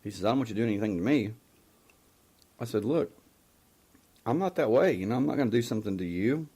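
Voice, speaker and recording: A man telling a personal story in a casual, halting way on a live talk show, full of fillers and restarts. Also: fairly low pitch, animated, mellow, breathy edge.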